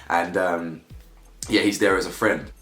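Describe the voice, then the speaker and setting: A man's voice: deep voice, fairly even intonation, measured pace, fairly bright tone. A young man gives a casual, slangy review of a reality show, firing off rhetorical questions. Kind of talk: casual commentary vlog. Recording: echoey room with faint music.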